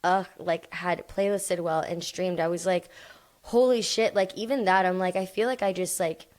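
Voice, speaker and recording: A young woman with a slightly lower voice talks as a guest on a podcast. Her delivery is loose and slangy, full of likes and dudes and casual swearing. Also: steady tone, normal speed, darkish tone. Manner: slangy, swears freely, says dude and like a lot. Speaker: guest musician.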